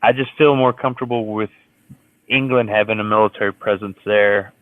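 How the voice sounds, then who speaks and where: A man co-hosting a podcast in casual chat, laid-back but quick to push back and argue his point. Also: lowish voice, steady tone, phone-quality sound.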